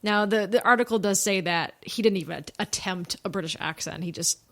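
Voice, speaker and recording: A woman's voice: medium pitch, a little fast, soft background music. A woman co-hosting a casual podcast, reading a ranked list aloud and laughing often. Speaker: podcast co-host.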